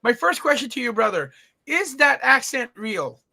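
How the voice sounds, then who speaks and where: A man's voice: extremely high pitch, very animated, moderate pace, creaky, pushed and bright. A man hosting a live stream chat, chatty and teasing, with many fillers. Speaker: host.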